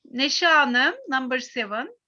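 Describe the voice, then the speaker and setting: A middle-aged woman with a Turkish accent teaches an English lesson, her voice high and bright. She speaks slowly and patiently, pausing on fillers, and the audio comes through a dull, lo-fi line. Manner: patient, halting explanations with many fillers. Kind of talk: online class teaching.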